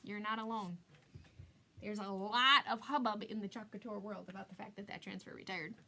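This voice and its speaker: A woman's voice: mid-range voice, steady tone, fairly quick, bright, forceful tone, slight background noise. A woman in her forties hosting a live-stream craft tutorial, chatty and giggly, greeting viewers by name. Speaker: craft product designer hosting a live demo.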